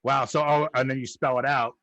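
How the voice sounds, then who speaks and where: A man's voice: medium pitch, fairly even intonation, a little fast, fairly bright tone, no room sound. A man with a New York accent hosting a casual podcast interview, laughing often and spelling out gag names. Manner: laughs a lot, reads out gag names letter by letter. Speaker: podcast host.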